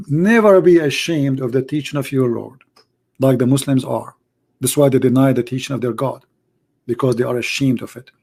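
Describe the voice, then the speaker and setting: A man with a hoarse voice who debates religion in a sarcastic, mocking way in an online commentary video. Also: mid-range voice, warm tone.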